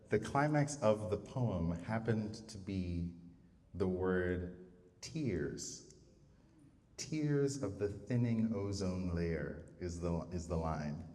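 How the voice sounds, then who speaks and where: A man's voice: lowish voice, a little mellow. A man composer talking through how he sets words to music, thinking aloud with fillers and restarts. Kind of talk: live talk on setting words to music. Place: public venue. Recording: distant mic in a reverberant space.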